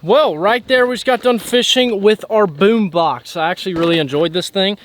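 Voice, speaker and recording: An excitable young man narrates his fishing trip from a lake bank, his voice sitting a bit high for a man. He talks casually to his viewers, and a faint hiss of outdoor noise sits behind him. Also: moderate pace. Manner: excitable, hyped up when hooking fish. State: out of breath. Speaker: fishing channel host.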